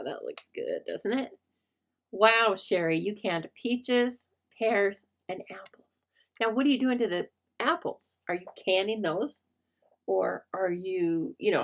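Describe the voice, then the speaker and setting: A woman hosting a live rubber stamp crafting stream, chatting casually and rambling as she works, talking to viewers by name and poking fun at herself. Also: mid-range voice. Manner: self-deprecating.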